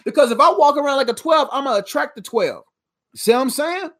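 A woman's voice: high-pitched, animated, fast talker, a bit bright. A woman giving faith-based motivational preaching straight to camera, emphatic and repetitive in a conversational way, laughing at her own jokes. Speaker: motivational speaker.

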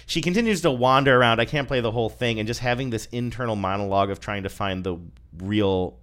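A man's voice: medium pitch, fast, a bit bright. A man co-hosting a casual chat, thoughtful and prone to restarting his sentences. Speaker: podcast co-host. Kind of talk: casual chat reviewing commercials.

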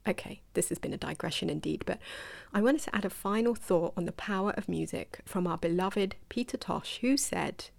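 A woman's voice: fairly low pitch, moderate pace, creaky. A woman hosting a solo podcast, talking in a chatty, digressive way and asking the listener questions. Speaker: podcast host. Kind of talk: reflective solo podcast talk.

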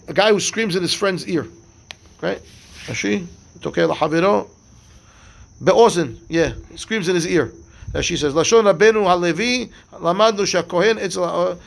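A man's voice: high-pitched, creaky. A man, a rabbi, teaching a live Talmud class, explaining step by step, asking questions and answering them himself, mixing Hebrew and Aramaic terms into his English.

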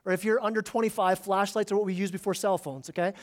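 A man's voice: high-pitched, steady tone, quick pace. A man preaching a sermon to his congregation in a conversational way, often repeating words for emphasis. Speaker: pastor.

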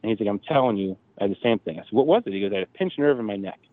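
A man in his thirties tells a long personal story in a casual, animated way, acting out each quoted line. His voice sits low, with no room sound at all. It comes through a narrow, tinny phone-like line. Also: rapid-fire, dry recording. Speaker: podcast guest, drag racer.

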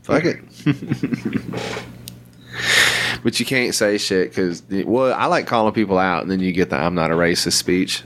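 A man's voice: low-pitched, unhurried, pauses often. A man in casual podcast conversation, swearing freely and laughing often while he tells stories. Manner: profane, laughs often, animated storytelling.

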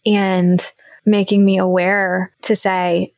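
A young woman talks through personal prayer stories in an earnest, reflective way, breaking into soft laughs. Her voice sits in a middle range and is recorded close and dry, with no room sound. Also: medium pitch, steady tone, moderate pace, no room sound. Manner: earnest and reflective, laughs softly, gets teary. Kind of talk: candid personal faith conversation.

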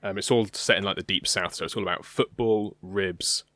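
A man's voice: deep voice, steady tone, a little fast, a bit bright, no room sound. A young British man co-hosting a podcast, talking casually and hesitantly, with many ums. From Britain. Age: young adult. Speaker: podcast co-host. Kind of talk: casual chat.

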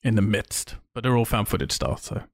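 A man co-hosting a podcast in casual chat, enthusiastic and quick, swearing freely. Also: lowish voice, big pitch swings, no echo, studio quality. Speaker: podcast co-host.

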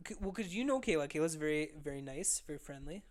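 A man's voice: a little high, lively intonation, quick pace, dry recording. A young man co-hosting a podcast, chatting casually with profane, laid-back banter. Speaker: podcast co-host. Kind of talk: casual chat.

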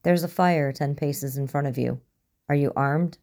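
A woman voicing a wary, armed man survivor who speaks in brisk, cautious commands, in a low dark voice.

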